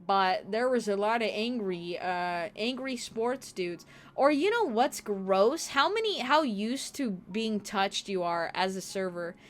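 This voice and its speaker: A young woman streamer telling stories in casual chat, animated and profane, acting out the people she quotes. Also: medium pitch, unhurried, hardly any pauses.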